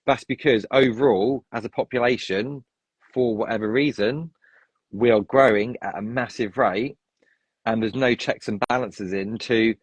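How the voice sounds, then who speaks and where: A man's voice: medium pitch, normal speed, breathy edge, no room sound, low-quality recording. A man chatting as a podcast guest, opinionated and rambling with frequent restarts. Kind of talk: casual chat.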